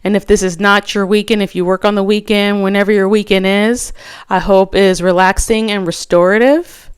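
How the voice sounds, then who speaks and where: In a brisk, steady, clean mid-range voice, a woman hosts a solo casual chat on her fantasy football selections. She rambles, often restarting sentences and leaning on fillers.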